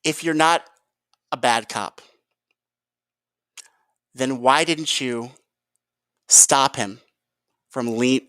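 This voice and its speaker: A man's voice: medium pitch, a bit bright, no room sound. A man ranting in a heated, profane vlog commentary and calling his viewers "guys". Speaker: video commentator.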